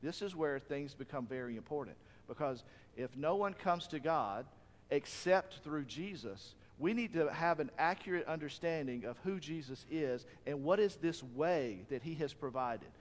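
A man delivers a sermon in an earnest, conversational style and keeps asking his listeners rhetorical questions. His voice sits fairly high for a man. The sound rings with the long reverb of a large hall. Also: lively intonation, normal speed. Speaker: pastor.

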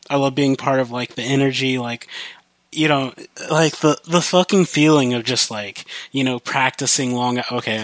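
On his own podcast, a man from the US Midwest with a slight country accent rambles casually, swears often and uses many fillers. His medium-pitched voice has a fairly bright tone, with no echo.

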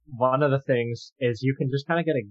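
A man's voice: mid-range voice, steady tone, fairly quick, no echo. A young man co-hosting a casual film discussion, making thoughtful points with many ums and restarts. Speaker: podcast co-host. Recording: dull, lo-fi dry sound.

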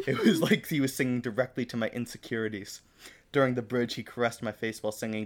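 A man's voice: medium pitch, steady tone, a little fast. Man reading fan fiction aloud, playful. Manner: theatrical reading, breaks into laughter. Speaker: podcast co-host.

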